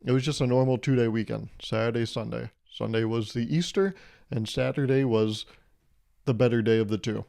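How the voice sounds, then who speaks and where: Speaking at a medium pitch with fairly even intonation and a moderate pace, this young podcast host has a creaky, darkish voice. He rambles alone through a comedic monologue, sarcastic and mock-serious, chuckling at his own jokes.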